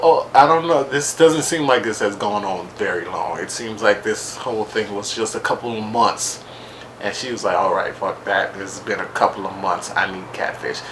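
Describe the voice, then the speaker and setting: A man talks through a TV episode in a loose, rambling way, with sarcastic asides. His voice sits a little low. A faint hiss of noise runs under the recording. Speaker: podcast reviewer. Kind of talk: casual solo recap.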